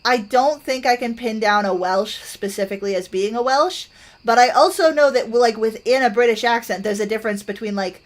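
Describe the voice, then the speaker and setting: A woman's voice: on the high side, fairly quick. Woman, Canadian accent, game streamer, loose thoughtful rambling chat. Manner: rambling, thoughtful, many fillers and restarts. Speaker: gaming streamer. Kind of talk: casual chat while playing a game.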